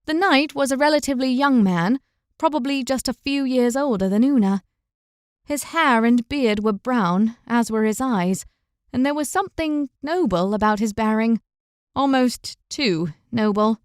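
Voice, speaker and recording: A woman narrating a fantasy audiobook in an even, measured storytelling voice, close to the mic. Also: fairly high pitch, smooth, dry recording.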